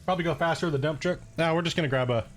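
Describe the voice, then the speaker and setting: A man's voice: on the high side, very fast, faint music behind. A man hosting a gaming channel, chatting casually and rambling, swearing and laughing often while he plays. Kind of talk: casual gameplay commentary.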